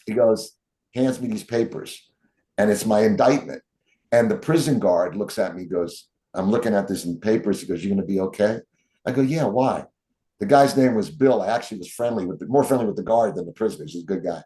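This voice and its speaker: Telling stories as an interview guest, a man performs the quotes of the characters with animated energy. His voice is on the low side, and his pace is fairly quick.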